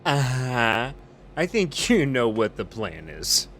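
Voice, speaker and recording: A man doing a comedic role-play as an airline pilot in a flight game, panicky and profane, lurching between muttering and shouting. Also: medium pitch, big pitch swings, slow pace, a little hiss or hum. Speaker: flight sim streamer.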